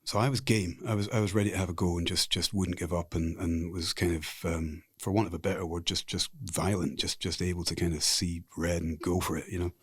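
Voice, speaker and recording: A man's voice: sits low, little pitch movement, brisk, few pauses, husky, no room sound, clean studio sound. A middle-aged man with a Scottish accent, a podcast guest telling frank, rambling stories in a casual interview. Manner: frank, rambling anecdotal storyteller.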